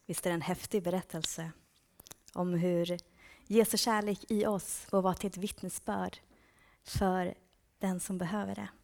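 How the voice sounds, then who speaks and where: A woman's voice: fairly low pitch, fairly even intonation, moderate pace, vocal fry, darkish tone. A woman giving a conversational talk at a church service, sometimes dropping to a whisper.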